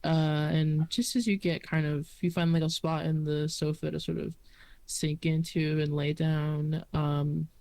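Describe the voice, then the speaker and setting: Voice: medium pitch, level tone, a little slow, gravelly, a little mellow. Hesitant game master narrating. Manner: hesitant, lots of fillers and restarts.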